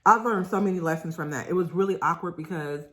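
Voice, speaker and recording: A young woman vlogger chatting casually to viewers while eating, telling a story in an animated way. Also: lowish voice, fast talker. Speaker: mukbang vlogger.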